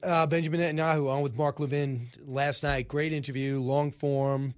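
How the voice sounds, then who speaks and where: A male talk show host with a mid-range voice who talks in a brisk, conversational way. He throws in quick asides and keeps the segment moving. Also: medium pitch, little pitch movement, smooth. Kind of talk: casual talk show banter.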